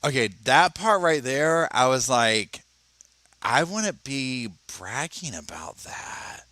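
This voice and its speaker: At his computer at home, a man running a casual commentary channel talks and reads an article aloud, chatty and animated, frequently stammering and starting over. His voice is medium in pitch and slow, with no echo.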